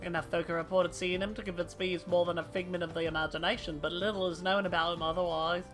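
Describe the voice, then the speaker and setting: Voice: medium pitch, little pitch movement, fast, a bit bright, faint music behind, close to an everyday voice. A streamer voicing a gossipy merchant in an invented, made-up accent while reading game dialogue aloud.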